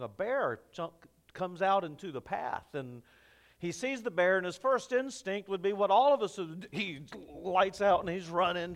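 A male pastor preaches in a relaxed, conversational manner, often turning to ask his listeners questions. His voice sits high for a man and sounds smooth and resonant. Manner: conversational storytelling, addresses the congregation. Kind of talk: sermon.

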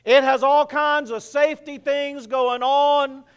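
A male pastor preaching a sermon, telling a story in an animated, playful way. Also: very high-pitched, slow.

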